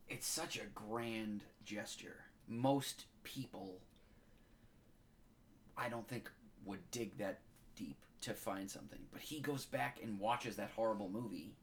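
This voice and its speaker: A choked-up man co-hosting a casual chat, rambling through a heartfelt story with a bright voice. His words come in fits and restarts as emotion catches him. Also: fairly low pitch, slight background noise. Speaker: podcast co-host.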